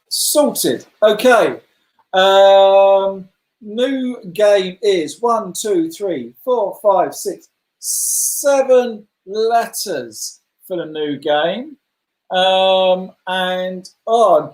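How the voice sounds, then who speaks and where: A man's voice: high-pitched, darkish tone. A man leading a children's club, hosting a letter-guessing game over a video call, chatty and encouraging as he praises players by name. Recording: roomy echo.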